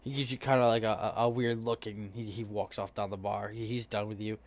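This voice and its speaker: A man's voice: lowish voice, little pitch movement, fairly quick. A man running a tabletop game as game master, rambling and often correcting himself.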